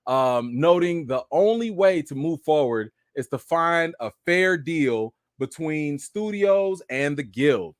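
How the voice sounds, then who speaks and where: A young man hosts a casual live chat about film news and keeps talking straight to his viewers. His voice sits a little high and swings up and down a lot as he goes. The sound is dry and close, with no room around it. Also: slow, hardly any pauses, no room sound. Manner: animated, talks straight to viewers with lots of "y'all" and "okay". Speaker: live stream host.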